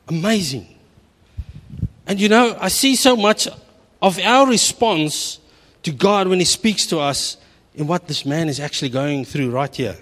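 A middle-aged South African preacher tells his sermon with humor and animated storytelling. His fairly high voice rises and falls constantly. A long hall reverb trails every line. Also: measured pace.

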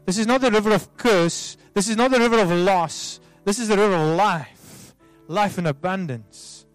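A man as a pastor leading an altar call prayer, soft and pleading, repeating himself with many restarts. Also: sits high, normal speed, dry recording. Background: soft music.

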